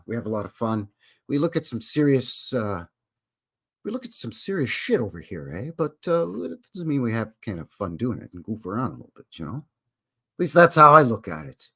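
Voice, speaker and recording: A man's voice: mid-range voice, fairly bright tone. A man with a Canadian accent hosting a casual live stream, chatty and jokey with plenty of self-deprecating asides.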